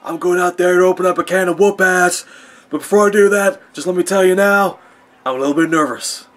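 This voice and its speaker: A man putting on a brash male wrestler who boasts loudly and then admits he is nervous, in a mocking impression. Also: high-pitched, fairly quick, voice pushed up. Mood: mocking swagger.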